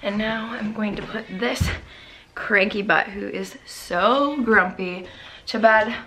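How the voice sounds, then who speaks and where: A young woman from Canada in her twenties, hoarse and losing her voice, talking casually and tiredly in a family vlog. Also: medium pitch, slow, sharp tone, slight background noise. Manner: tired, often whispering to her kids. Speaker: vlogger mom.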